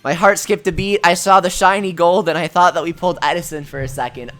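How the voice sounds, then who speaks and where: A woman streaming a game live, giggling often and gushing with excitement over her pulls. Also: lowish voice, brisk, few pauses. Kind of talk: live-stream gameplay commentary. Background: faint game music.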